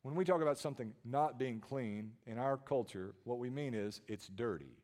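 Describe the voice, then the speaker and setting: Man preaching with hushed-to-loud swings. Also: medium pitch, expressive, moderate pace. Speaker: pastor. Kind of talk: sermon.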